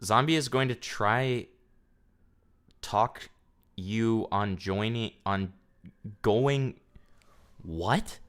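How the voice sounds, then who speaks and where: A man's voice: lowish voice, extremely slow, long pauses, a bit bright, smooth. A young man streaming casually, telling a profane, ranting story to his chat.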